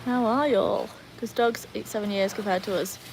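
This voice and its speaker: A chatty British woman hosts a casual livestream from home, reading out viewer comments and talking to her dogs. Her mid-range voice has a darkish tone, fairly even intonation and a moderate pace. The audio is poor, with slight background noise.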